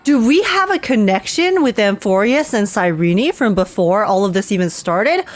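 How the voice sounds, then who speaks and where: A young woman streaming her reaction to a game, excitable and quick, theorizing aloud in casual chat. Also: mid-range voice, a little hiss or hum.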